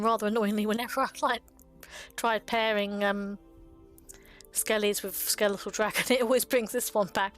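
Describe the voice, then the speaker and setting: A woman chatting her way through a card game's artwork in a relaxed, meandering commentary. She often pauses on ums and lets small laughs slip in as she shares her fondness for the cards. Her voice sits at an ordinary pitch for a woman, with faint music playing behind her. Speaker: card game video host. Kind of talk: casual commentary on card art.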